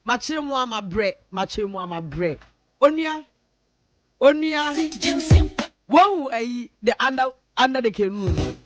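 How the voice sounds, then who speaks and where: A woman's voice: fairly high pitch, animated, normal speed, hardly any pauses, a bit bright, faint music behind. A woman radio host with a Ghanaian accent, chatting casually and playfully mimicking her friends' voices. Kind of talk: casual radio talk mixing English and Twi. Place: radio studio.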